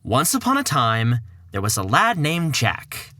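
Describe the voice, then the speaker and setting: A man's voice: mid-range voice, wildly swooping pitch, unhurried, sharp tone, no room sound, clean studio sound. A man narrating a fairy tale in a chatty, playful way for a storybook podcast.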